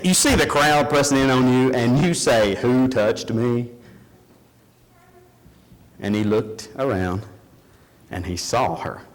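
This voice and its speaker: A man preaching a sermon in a church, telling a story in an animated, emphatic way. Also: medium pitch, normal speed, in a large hall, low-quality recording.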